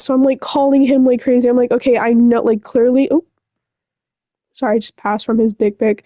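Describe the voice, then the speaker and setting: A woman's voice: high voice, fairly even intonation, moderate pace, dark tone, dry recording, clean studio sound. A young woman telling a breakup story to the camera in a rambling, upset way, full of fillers and swearing. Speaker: vlogger. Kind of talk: casual storytime rant.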